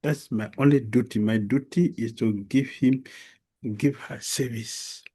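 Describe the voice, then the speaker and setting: A man giving a devotional lecture as a spiritual teacher, telling a story slowly and with emphasis, with many pauses and fillers. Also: medium pitch, steady tone, warm tone, slightly rough. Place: lecture hall.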